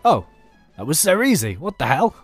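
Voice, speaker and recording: Soft background music plays while a British man with a slightly rough, fairly high voice talks at a normal speed. He's a YouTube let's play host giving casual, chatty gameplay commentary, animated and full of rambling asides.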